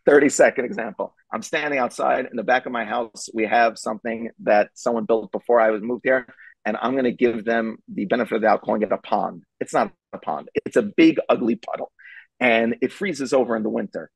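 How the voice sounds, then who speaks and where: A man's voice: mid-range voice, brisk, vocal fry, slightly rough, no room sound, poor audio. A middle-aged man giving parenting advice as a guest, telling a story emphatically and repeating his key points.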